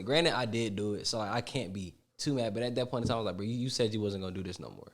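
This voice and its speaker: Young guy cohosting a podcast, lowish voice, candid slangy storytelling. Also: expressive, quick pace, few pauses. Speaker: podcast co-host. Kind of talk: casual podcast chat.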